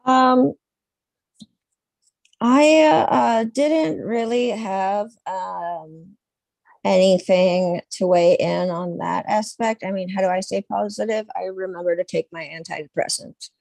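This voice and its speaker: A woman on a podcast panel in casual chat, speaking hesitantly and haltingly with many "um"s and "uh"s. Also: mid-range voice, steady tone, vocal fry, darkish tone, dry recording.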